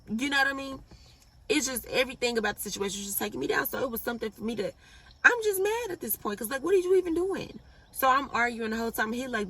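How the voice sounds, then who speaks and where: A young woman with a bright, forceful voice tells a storytime straight to the camera, blunt, profane and animated. She sits a little back from the mic, so her voice sounds slightly distant. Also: a little high, brisk, slightly rough. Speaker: vlogger. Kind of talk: casual storytime.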